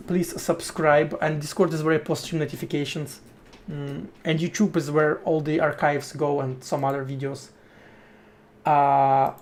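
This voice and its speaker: A man talks through his code on a live stream at an unhurried, slow pace. His speech is casual and slangy, breaking into short thinking-aloud bursts and the odd curse as he works. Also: on the high side, a little mellow. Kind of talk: casual live-stream chat while programming.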